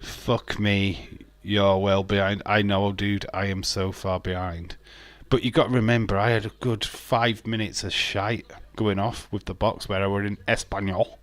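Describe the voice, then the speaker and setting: A man's voice: fairly low pitch, level tone, normal speed, hardly any pauses, no echo. A man hosting a live watch-along, chatting casually and joking with his viewers, often laughing. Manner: talks to viewers and chat by name. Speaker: livestream host.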